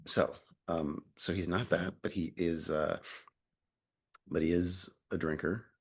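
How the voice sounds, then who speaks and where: Gravelly deep-voiced man, rambling interview. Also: steady tone, slow pace. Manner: rambling, many fillers and restarts, swears casually. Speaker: actor being interviewed. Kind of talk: casual interview chat.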